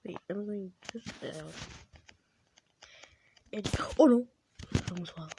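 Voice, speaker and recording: A woman giving casual commentary while playing a video game, excitable and prone to sudden screams. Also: mid-range voice, a little slow, background noise. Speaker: gaming channel host.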